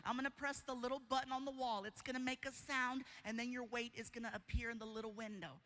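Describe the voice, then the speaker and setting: Guy doing a soft sweet nurse lady, gushing, high voice, bit far off the mic. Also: little pitch movement, fast talker. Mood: polite. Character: sweet polite female nurse, adoring fan.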